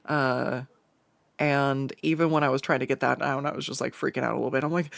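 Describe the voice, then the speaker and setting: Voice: mid-range voice, steady tone, a little fast, gravelly, a bit bright, no echo. A streamer chatting casually on a live stream, rambling with lots of fillers, restarts and small laughs. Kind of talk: casual chat while drawing on stream.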